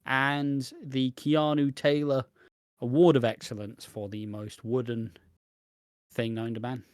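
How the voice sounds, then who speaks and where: Male podcast co-host, mid pitch, dry close recording, laid-back chat with restarts and casual swearing. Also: little pitch movement, a little slow, dry recording.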